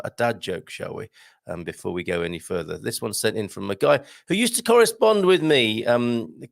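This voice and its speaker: A man's voice: fairly low pitch, vocal fry, dry recording, studio quality. A man hosting a live morning show, chatting casually and joking while reading out viewer comments. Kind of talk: casual live-stream chat.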